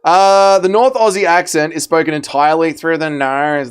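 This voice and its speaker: A man's voice: on the high side, unhurried, hardly any pauses, clear, resonant tone. A man hosting a casual fight livestream, bantering with chat, reading out messages and swearing freely. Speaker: livestream host.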